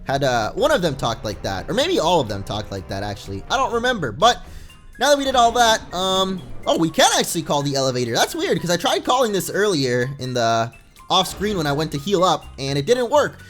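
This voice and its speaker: This let's play gamer, a young man, offers casual, rambling commentary and reads the on-screen text out loud. He talks briskly in a fairly high, fairly bright voice whose pitch swoops all over the place, with faint game music underneath.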